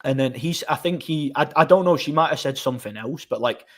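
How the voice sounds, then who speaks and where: Brisk and a little bright in tone, this medium-pitched male streamer keeps things casual as he spins long, rambling stories. He frequently starts his sentences over and laughs softly along the way.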